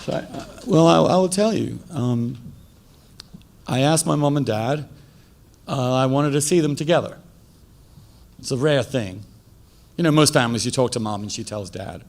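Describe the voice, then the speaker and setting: Gravelly English man telling a story. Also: medium pitch, normal speed, long pauses. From England. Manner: animated, acts out quotes with a lifted voice. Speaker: debater. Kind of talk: personal storytelling in a debate.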